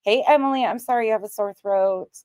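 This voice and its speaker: A woman's voice: mid-range voice, fast talker, a little mellow, clean tone, no room sound. A woman hosting a casual livestream, greeting viewers by name and chatting bluntly, swearing now and then. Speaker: livestream host.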